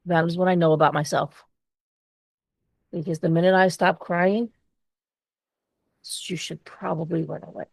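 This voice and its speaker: Lowish-voiced woman on a podcast, blunt and swears a lot, dry close sound. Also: moderate pace, creaky, pauses often, no echo. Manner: candid and expressive, swears freely. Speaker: podcast co-host. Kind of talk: casual chat.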